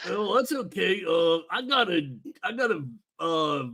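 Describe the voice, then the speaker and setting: A man's voice: high voice, expressive, a little slow, creaky, bright, forceful tone. A man co-hosting a livestream, bantering in a brash, teasing way. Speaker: co-host.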